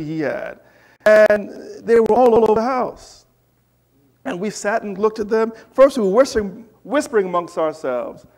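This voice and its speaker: A man preaching in a church, telling a lively personal story with asides to the congregation. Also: sits high. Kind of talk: storytelling sermon.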